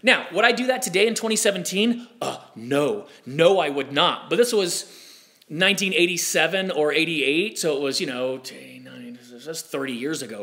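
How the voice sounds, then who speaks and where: A man in his forties telling a story to a live audience, animated and acting out the people he quotes. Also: high-pitched. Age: 40s. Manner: animated, acts out quoted voices. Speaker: speaker. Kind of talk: storytelling talk.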